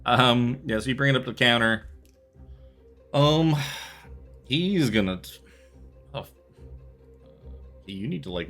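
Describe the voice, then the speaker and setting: A man's voice: mid-range voice, a little slow, pauses often. A man running a tabletop game as dungeon master, narrating in a casual, rambling way and laughing often. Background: soft background music.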